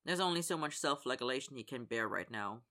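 A narrator reads a fan fiction audiobook aloud, acting out the characters' lines in dialogue. The medium-pitched voice is expressive, brisk, pushed, and bright.

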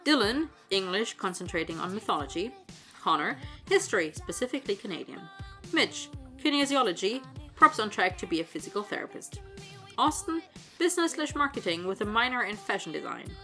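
A woman reading fiction aloud in an even, expressive storytelling style. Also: medium pitch, a little fast, soft background music. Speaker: narrator.

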